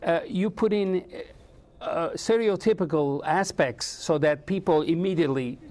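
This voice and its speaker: A man interviewing a guest, speaking in a measured way and sometimes pausing to search for a word. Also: on the high side, darkish tone. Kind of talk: interview conversation.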